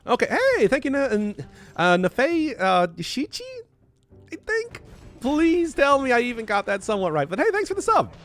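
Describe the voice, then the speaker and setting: A man's voice: very high-pitched, very animated, a bit bright. A man with a Midwestern accent doing live game commentary, rambling and restarting his sentences as he chats with viewers. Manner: rambling, self-interrupting, quick to laugh. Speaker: game streamer. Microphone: desk mic through a mixer.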